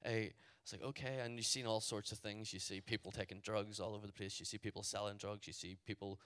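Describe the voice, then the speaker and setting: Forceful Northern Irish man telling a story. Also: lowish voice, fast, clean tone. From Northern Ireland. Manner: animated storyteller, full of "like" fillers. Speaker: youth event speaker. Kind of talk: storytelling talk to a youth audience.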